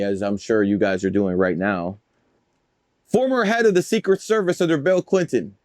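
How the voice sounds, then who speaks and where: A man with a fairly low voice spins loose, boastful stories, swearing freely and wandering off track. The sound is dry and close, with no room around it. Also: darkish tone, dry recording. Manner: boastful, profane, rambling. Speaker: guest, numerologist. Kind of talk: casual storytelling interview.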